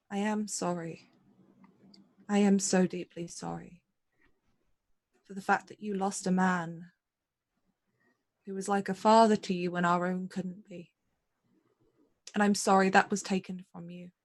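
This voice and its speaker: A grieving noblewoman in a tabletop role-play, earnest and remorseful, pleading with her estranged younger sister, as a woman player acts her out. She speaks in a halting, apologetic way at a middle pitch. Her voice stays close to an ordinary speaking voice. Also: lightly acted.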